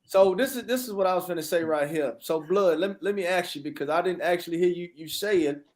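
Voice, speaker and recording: A man co-hosting a call-in boxing show, calmly steering the debate back to the facts. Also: high-pitched, brisk.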